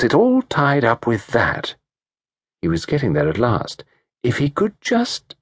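Expressive male audiobook narrator, husky and dry-sounding, measured delivery. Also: mid-range voice, no echo. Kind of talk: scripted narration.

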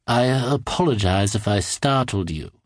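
A man voicing an odd, smug little man in a children's audiobook, speaking with slow, silky, unsettling politeness. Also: mid-range voice, animated, no echo, studio quality, pitched above the performer's own voice, close to an everyday voice. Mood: smug, creepy.

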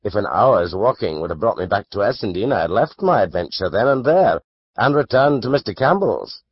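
A man narrating a classic novel as an audiobook, measured and expressive. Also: fairly low pitch, slightly rough, no room sound, lo-fi sound.

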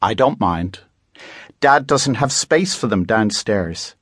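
A man reading aloud voices a calm twelve-year-old girl who speaks in a matter-of-fact way. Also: fairly low pitch, slow, husky, dry recording, studio quality, heavily acted.

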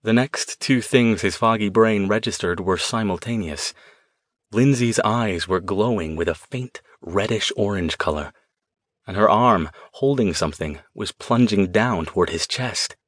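Low-voiced male audiobook narrator. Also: measured pace, dry recording, studio quality. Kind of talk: scripted narration.

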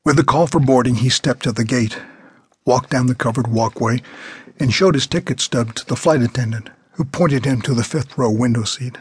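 A man narrating his own novel as an audiobook, with a measured, plain delivery. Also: medium pitch, breathy edge, dry recording, clean studio sound.

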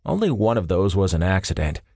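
A wisecracking young male agent trades jokes in a light, playful way, as a narrator puts him on. The sound is close and dry, a touch low. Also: very animated, fairly quick, darkish tone, no echo, exaggerated voice. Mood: joking. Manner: playful, joking. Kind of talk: audiobook character voice.

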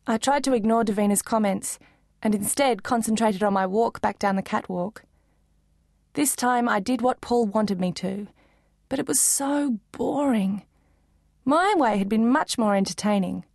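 Lively woman narrating a kids' audiobook. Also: a little high, normal speed, creaky, no echo, studio quality. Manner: lively, expressive. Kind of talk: first-person children's book narration.

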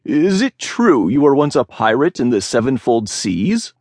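A man voicing an eager, excitable male mutant merchant in a storybook reading. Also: a little high, slow, dry recording, studio quality, pitched above the performer's own voice, exaggerated voice. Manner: breathless, gushing.

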